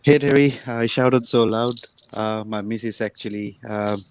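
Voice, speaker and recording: A man's voice: lowish voice, fairly even intonation, measured pace, a little hiss or hum. A man calling in to a fan chat show, speaking in a boastful, confident way. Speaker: caller.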